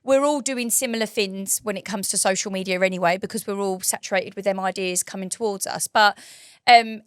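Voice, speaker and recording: A woman's voice: fairly high pitch, fairly bright tone, no echo, studio quality. A woman hosting a casual chat as a waxing trainer, talking in a chatty, gushing way with many restarts.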